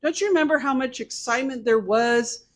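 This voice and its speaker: A woman talks to a local crowd in a high voice. She tells anecdotes in a lively way and plays both sides of each exchange herself. Her tone stays conversational and energetic. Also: a little fast. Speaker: congresswoman speaking at a meeting. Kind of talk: speech to a local political group.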